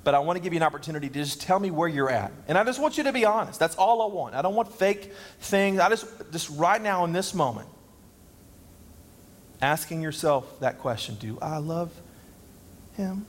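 A man's voice: fairly high pitch, animated, a little fast. A man preaching a sermon as pastor, conversational and self-deprecating. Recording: long reverb.

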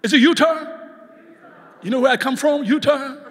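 Guy preaching hard, real high piercing voice, long church hall echo. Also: normal speed, slight background noise. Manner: impassioned, shouted calls for the congregation to respond. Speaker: guest preacher. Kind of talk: sermon. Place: church sanctuary.

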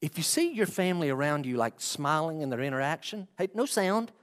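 A man preaching a sermon as pastor, swinging from hushed asides to loud pleading and acting out prayers. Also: on the high side, very animated, fairly quick, in a large hall.

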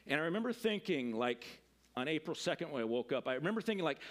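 A middle-aged man preaches a sermon in a high, light voice. He talks to his congregation like a friend, rambling a little, restarting sentences and filling gaps with "like" and "you know.". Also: very animated, fast talker, a bit bright. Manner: conversational, rambling with many fillers and restarts. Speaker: pastor.

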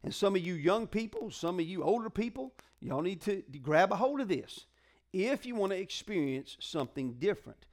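A man's voice: sits high, animated, normal speed. A male pastor preaching a sermon in a conversational, call-and-response way, full of colloquial asides to the congregation.

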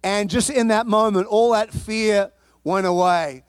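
A male pastor preaching a sermon, telling a personal story in an animated, comic way and often repeating and restarting his words. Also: sits high, a little slow, no room sound.

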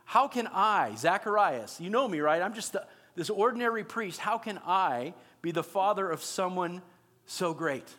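A man's voice: sits high, lively intonation, moderate pace, bright, forceful tone, in a large hall, exaggerated voice. A man voicing a humble old male priest who pleads in disbelief. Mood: disbelieving. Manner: pleading, self-deprecating.

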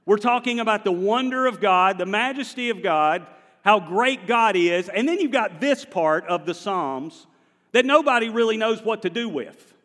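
Guy preaching a sermon, chatty and animated, big echoey church sound. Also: high-pitched, normal speed. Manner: animated, conversational preaching with the congregation. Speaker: pastor. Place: large church sanctuary.

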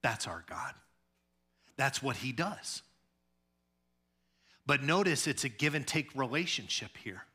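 A pastor who grew up in the Chicago area preaches a sermon, with animated delivery, humor and acted-out quotes. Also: male voice, mid-range voice, unhurried, long pauses, slightly rough. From Chicago area, USA. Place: church sanctuary at a podium.

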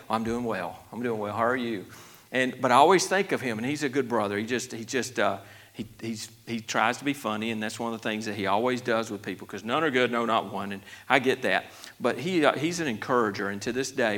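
A man's voice: mid-range voice, fairly bright tone. A man preaching a conversational Bible study sermon, folksy, with many restarts, growing emphatic. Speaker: pastor.

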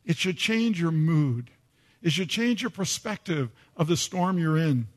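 A man's voice: fairly high pitch, animated, unhurried. Older male pastor preaching a story. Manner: storytelling, repeats phrases for emphasis, acts out quotes. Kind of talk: sermon.

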